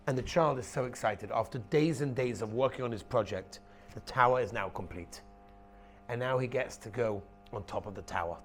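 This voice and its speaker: A rabbi giving a lively Torah lecture, emphatic, repeating his key phrases and acting out stories. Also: mid-range voice, normal speed, slight background noise.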